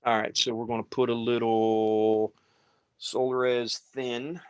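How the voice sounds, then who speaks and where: A man casually talking through a fly tying demonstration as he works, relaxed and rambling. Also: mid-range voice, slow, clear, resonant tone, highs cut off. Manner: relaxed, rambling, talks while working.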